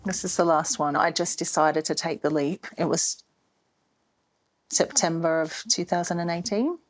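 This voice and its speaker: A woman, speaking softly and reflectively in an emotional interview. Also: low voice, normal speed, faint music behind. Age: 40s. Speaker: interviewee, victim's daughter.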